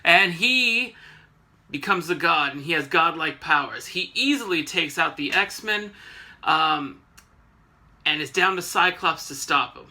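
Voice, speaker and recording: A man's voice: a little high, expressive, a little slow, sharp tone. A man recapping a comic book issue in a casual, sarcastic way, full of joking asides.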